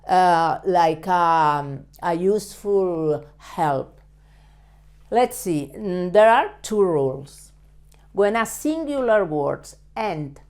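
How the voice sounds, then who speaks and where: A woman whose first language is Spanish, teaching a step-by-step lesson in careful, halting English with frequent fillers and self-corrections. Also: on the low side, a little mellow.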